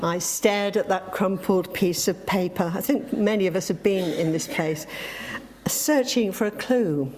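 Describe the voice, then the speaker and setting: A woman preacher reading a reflective story and moving into a sermon, gentle and with emphatic exclamations. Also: mid-range voice, a little slow, crowd noise.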